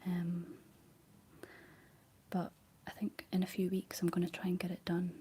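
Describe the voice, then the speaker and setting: A young Scottish woman whispering soft ASMR chat, rambling gently to her viewers while she paints, close on the mic. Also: on the low side, completely flat delivery, measured pace, breathy edge. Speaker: ASMR livestream host.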